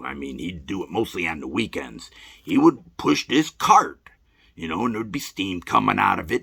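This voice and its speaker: Middle-aged guy spinning folksy yarns, gravelly and husky, pitch swinging all over the place. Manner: folksy, rambling, animated, bursts into high put-on voices. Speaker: host. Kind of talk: casual nostalgic storytelling.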